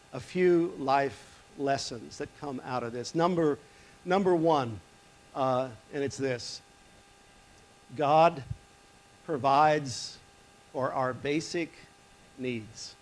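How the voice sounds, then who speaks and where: Man preaching a conversational sermon. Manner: conversational, rises for quoted lines and drops low for asides; some fillers and restarts. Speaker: pastor. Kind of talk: sermon, reading scripture and explaining.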